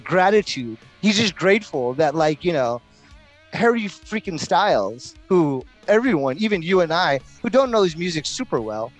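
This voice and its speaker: A middle-aged man drifts through a story in an easygoing podcast chat, his voice sitting a little high for a man. He rambles and fills every pause with "like" and "you know". Faint music runs underneath. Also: sing-song. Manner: laid-back, rambling, heavy use of "like" and "you know". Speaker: podcast host.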